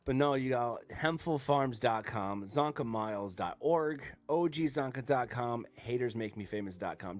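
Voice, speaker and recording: A man's voice: mid-range voice, expressive, moderate pace, hardly any pauses. Blunt, profane man chatting casually. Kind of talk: casual chat.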